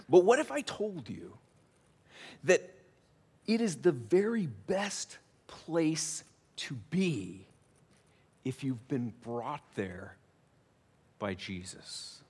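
A middle-aged American man preaching from the pulpit, his voice sitting a little higher than most men's. He speaks with a chatty, self-deprecating style, as if talking with his congregation rather than lecturing them. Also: big pitch swings, slow, long pauses, breathy edge. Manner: conversational, self-deprecating humor. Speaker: pastor. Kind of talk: sermon. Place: church sanctuary.

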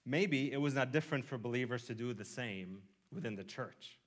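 A man's voice: medium pitch, lively intonation, moderate pace. A man preaching a sermon, using humorous, vivid storytelling and asides. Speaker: pastor.

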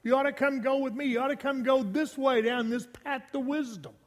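A preacher voicing eager young women messengers calling people in. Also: male voice, very high voice, a little fast, long reverb tail. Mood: inviting. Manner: inviting, urgent calling out.

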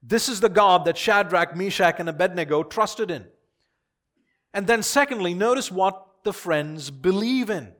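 A man preaching a sermon with a fairly high voice. He swings between hushed, drawn-out phrases and loud, emphatic peaks, and repeats key lines for weight. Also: lively intonation. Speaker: pastor.

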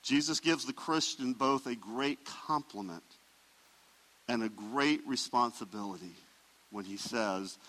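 A man preaching a sermon as pastor, emphatic, swelling loud and dropping soft. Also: mid-range voice, measured pace, big-room sound, poor audio.

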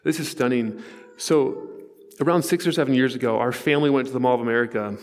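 A man's voice: medium pitch, fast talker, long reverb tail. A man in his forties preaching a sermon, telling stories in an earnest, conversational way with asides to the congregation. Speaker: pastor. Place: church sanctuary.

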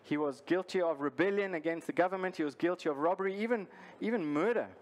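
A male pastor preaching a sermon, earnest and deliberate, repeating his key lines for emphasis. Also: sits high.

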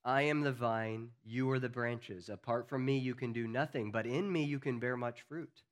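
A man preaching a sermon as pastor, earnest, building to emphatic peaks and then dropping low and quiet. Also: steady tone, normal speed.

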